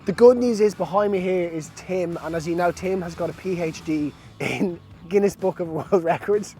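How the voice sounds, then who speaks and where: A man's voice: high-pitched, normal speed, mellow, faint music behind. A man vlogging outdoors by a boat, chatting to camera in an upbeat, self-amused way. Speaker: wakeboarding vlogger. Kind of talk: casual chat to camera.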